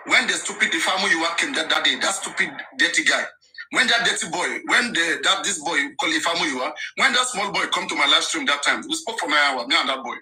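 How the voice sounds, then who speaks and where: A woman's voice: low-pitched, expressive, quick pace, bright, forceful tone, soft background music, rough recording. A Nigerian woman, a live-stream commentator, ranting scornfully and emphatically as she switches between languages. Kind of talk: ranting monologue.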